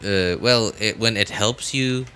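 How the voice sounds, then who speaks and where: A man's voice: lowish voice, a little slow, sharp tone. A man on a casual gameplay livestream, sleepy and yawning, rambling as he talks back to his viewers' chat. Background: faint game music.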